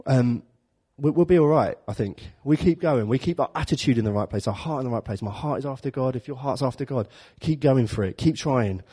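A man delivers a relaxed, conversational sermon. He tells the story with jokes and slips into little acted-out voices for the characters, keeping it light and chatty. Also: mid-range voice, brisk, few pauses, slightly rough. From London. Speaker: preacher. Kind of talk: informal sermon.

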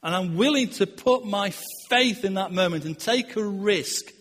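High-voiced preacher in a reverberant hall. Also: male voice, unhurried, fairly bright tone. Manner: earnest, repeats words, voice swells and drops. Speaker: pastor. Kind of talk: sermon.

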